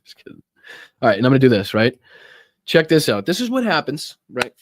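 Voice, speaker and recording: A man's voice: medium pitch, very animated, fairly quick, no echo, studio quality. A man with a Boston accent hosting a live political commentary stream, reading news aloud with sarcastic, profane asides. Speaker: political talk show host.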